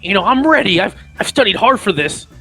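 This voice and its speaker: A man's voice: high-pitched, sing-song, fairly quick, gravelly, pushed and bright, slightly rough, faint music behind, pitched above the performer's own voice, full character voice, low-quality recording. A man voicing an eager, nervous male game show contestant who stammers.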